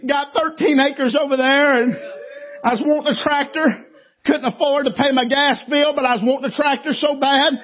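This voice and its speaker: A man's voice: very high-pitched, fairly even intonation, moderate pace, dull audio. A man preaching at a camp meeting, telling folksy down-home stories and calling out to the congregation. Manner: folksy, down-home, calls for audience response. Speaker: traveling preacher. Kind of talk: sermon storytelling.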